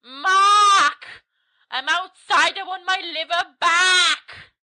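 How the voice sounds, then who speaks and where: A woman voicing a moaning, liver-hunting creature in a spooky campfire tale, with slow, drawn-out ghostly calls. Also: very high-pitched, sharp tone, pitched above the performer's own voice, full character voice. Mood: eerie.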